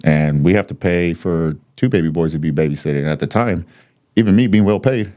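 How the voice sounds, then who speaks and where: Deep-voiced blunt man telling his story. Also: fairly quick, mellow. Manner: blunt, swears freely, laughs between points. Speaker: podcast guest. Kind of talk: candid conversational storytelling.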